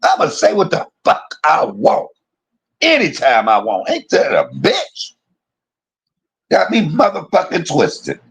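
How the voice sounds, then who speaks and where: A man's voice: a little high, huge pitch swings, slow pace, gravelly, a bit bright, breathy edge. A man on his own livestream, delivering a heated, profane and confrontational rant that circles back on itself and repeats points. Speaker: live streamer.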